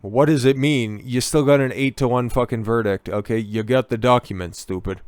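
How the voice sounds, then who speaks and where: Male commentator, sarcastic and foul-mouthed, smooth resonant voice, dry close sound. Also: mid-range voice, normal speed, darkish tone, no room sound. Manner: profane, sarcastic, heated. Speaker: political commentator. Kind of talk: ranting political commentary.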